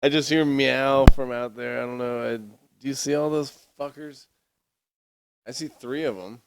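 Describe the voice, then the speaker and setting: A man's voice: mid-range voice, steady tone, unhurried, creaky, slight background noise. A man co-hosting a podcast in casual chat, blunt and profane, laughing easily. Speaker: podcast co-host.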